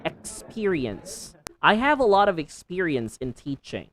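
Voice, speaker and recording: A woman teaching English pronunciation, repeating sounds and words over and over, slow and deliberate, with playful asides. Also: lowish voice, sing-song, fairly bright tone. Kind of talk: pronunciation lesson.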